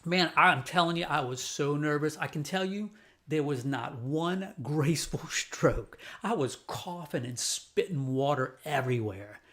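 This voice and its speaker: Lively, animated male storyteller. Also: on the high side, measured pace. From New Orleans, USA. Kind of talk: told personal story with a lesson.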